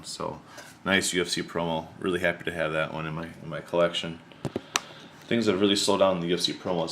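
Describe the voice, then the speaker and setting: A man chatting casually to camera about his collection, rambling and relaxed, with plenty of slang and fillers. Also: sits low, slight background noise. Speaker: card collector showing his mail returns.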